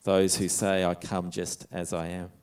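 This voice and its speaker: Smooth-voiced man preaching. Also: low voice, monotone, measured pace, darkish tone. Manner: conversational preaching, reading scripture aloud. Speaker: pastor. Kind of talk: sermon.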